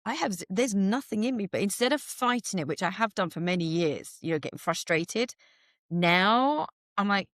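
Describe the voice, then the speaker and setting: A woman's voice: mid-range voice, animated, normal speed, fairly bright tone, no room sound, studio quality. A woman in her forties hosting a podcast, talking in a candid, chatty conversational way. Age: 40s. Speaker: podcast host. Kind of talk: casual interview chat.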